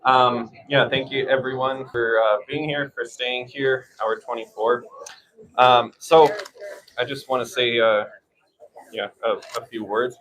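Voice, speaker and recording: A man's voice: mid-range voice, little pitch movement, a little slow, a bit bright. Guy from the staff giving a speech, lots of ums, mic kinda far away. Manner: hesitant, many fillers. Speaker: university staff member. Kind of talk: speech at a rally.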